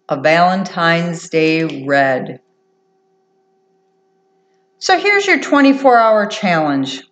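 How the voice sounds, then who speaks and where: A woman reading a children's picture book aloud, slowly and with a lively, sing-song pitch. Her encouraging delivery carries a roomy echo. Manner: warm, encouraging, lilting. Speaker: host and storybook reader.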